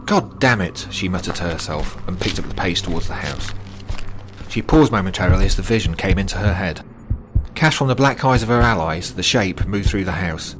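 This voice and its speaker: Deep-voiced man narrating a horror story. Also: background noise. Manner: dramatic, measured storytelling. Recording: narration with loud music bed.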